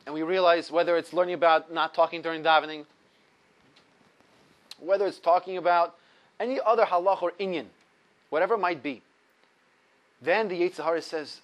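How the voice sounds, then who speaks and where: A man with a high voice teaching a religious ethics class. He tells the story animatedly, rising loud and dropping low as he goes. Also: a little fast, pauses often. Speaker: Torah teacher. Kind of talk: ethics lesson with a told story.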